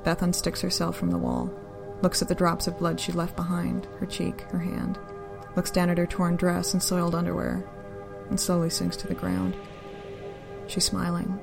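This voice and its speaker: A woman narrating a story in an even, unhurried, deadpan reading style. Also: lowish voice, creaky, over music.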